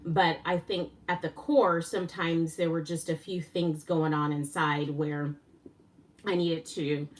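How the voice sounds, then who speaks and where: A woman hosting a casual live stream, excitable and a little winded, laughing often and gushing with thanks. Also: low-pitched, unhurried, distant mic. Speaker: livestream host.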